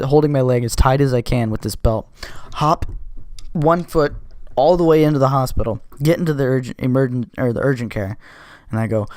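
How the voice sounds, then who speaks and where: A man's voice: mid-range voice, clean tone, dry recording. A man in an ordinary middle register tells a story from his own life straight to the listener, swearing freely and restarting his sentences as he goes. His voice sits close and dry, with no room sound around it. It is casual podcast talk from the show's host. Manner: profane, blunt, restless retelling with self-corrections.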